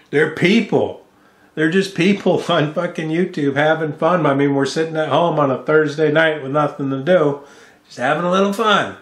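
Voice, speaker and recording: Speaking into a studio microphone with a mixing board, a US vlogger with a fairly high voice rants angrily and profanely in his home vlog. He curses and mocks someone, and the room sounds echoey.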